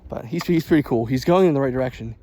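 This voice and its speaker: A man's voice: mid-range voice, quick pace, mellow, a little hiss or hum. A man rambling casually as he walks along a road outdoors, laughing at himself as he talks. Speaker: vlogger. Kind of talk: casual walking vlog monologue.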